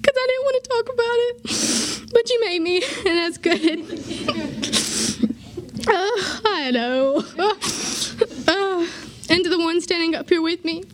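A woman's voice: very high-pitched, normal speed, background noise. A graduating teenage girl, giving a heartfelt farewell speech to her church youth group, tearful and laughing through tears. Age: late teens.

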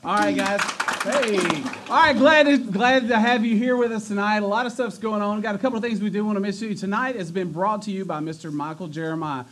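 A youth pastor hosts a church youth night before a live audience, joking, teasing the crowd, stumbling a bit and running announcements with lots of energy. His voice sits high, and he talks fast with few pauses.

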